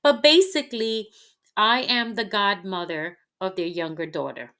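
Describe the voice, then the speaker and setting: A woman hosting a podcast, speaking in a personal, reflective monologue that is candid, heartfelt, halting and unhurried. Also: mid-range voice, fairly bright tone. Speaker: podcast host.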